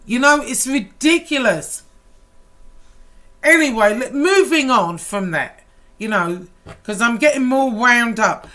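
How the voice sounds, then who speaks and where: A woman YouTuber delivering a heated, profane rant to camera, swinging between loud outbursts and low, intense talk.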